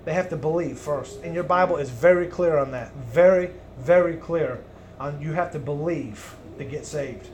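Loud, high-voiced man preaching a sermon. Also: normal speed, a little hiss or hum. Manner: loud, emphatic, swings between booming and hushed.

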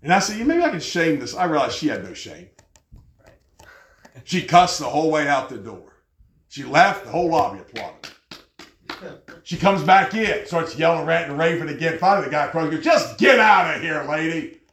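A man preaching a sermon with an animated delivery, often jumping high in pitch as he acts out angry people. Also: normal speed, long pauses. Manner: animated, jumps to high pitch when mocking others. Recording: echoey room.

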